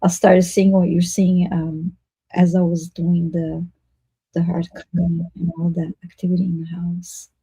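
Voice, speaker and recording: A woman co-hosting a live-stream psychic show, speaking in soft, brief, affirming remarks and announcements. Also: fairly low pitch, completely flat delivery, unhurried, breathy edge, no room sound, low-quality recording. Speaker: co-host.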